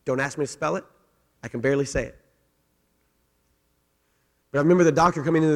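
A middle-aged male pastor preaching from the pulpit, his voice pitched on the high side. He drops to a hushed, intimate tone for personal stories and then climbs into loud, emphatic exhortation, asking the congregation questions along the way. The sound carries a long reverb from a large church sanctuary. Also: fast, long pauses. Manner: swings from quiet storytelling to rising, emphatic preaching; asks the congregation direct questions. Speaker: senior pastor. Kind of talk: sermon.

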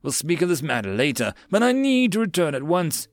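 A man's voice: a little high, sing-song, a little fast, no echo, pitched above the performer's own voice. A man voicing a hot-tempered nobleman in an audiobook, curt and commanding. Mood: furious. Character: hot-tempered growling male lord. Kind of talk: audiobook character voice.

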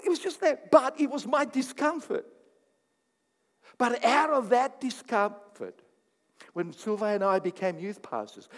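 Lively pastor in a reverberant hall. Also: male voice, on the high side. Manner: animated, laughing, acts out dialogue. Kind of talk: sermon with storytelling.

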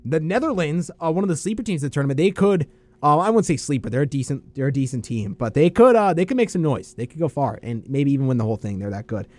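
A young man co-hosting a sports podcast, chatting casually through his game picks and laughing often. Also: fairly high pitch. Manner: animated, laughs often, quick back-and-forth banter.

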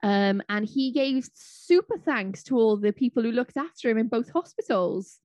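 A woman's voice: on the high side, animated, moderate pace, darkish tone, dry recording. Gushing woman, chatty co-host. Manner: chatty, gushing, with laughs and fillers. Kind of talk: casual chat.

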